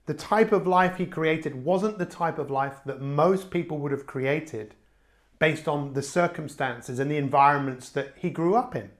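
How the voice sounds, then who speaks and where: Emphatic, fairly high-voiced man coaching. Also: measured pace. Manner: emphatic, with big swings in pitch and loudness. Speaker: life coach. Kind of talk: motivational talk to camera.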